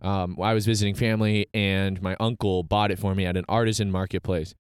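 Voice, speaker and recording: A young man tells a story in a smooth, resonant voice, recorded close and dry. He talks in a lively way, laughing and acting out what people said. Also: sits low, brisk, no echo. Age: young adult. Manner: animated storytelling with laughs and acted quotes. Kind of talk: casual chat.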